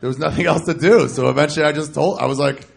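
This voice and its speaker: A man's voice: on the high side, fairly even intonation, fast talker, vocal fry. A man in his thirties telling a stand-up story on a club stage into a handheld mic, acting out both sides of phone calls in raised voices. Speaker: stand-up comedian.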